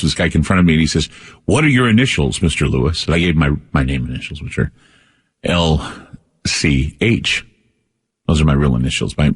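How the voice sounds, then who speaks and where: A man's voice: extremely low pitch, slightly rough, long reverb tail. A man hosting a radio talk show, telling a rambling personal story with many restarts.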